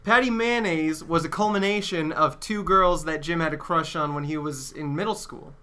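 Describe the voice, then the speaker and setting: A man's voice: on the high side, normal speed, sharp tone, clean tone. A man co-hosting a casual comedy podcast, teasing his co-host with sarcastic, profane banter. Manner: sarcastic, teasing, swears freely.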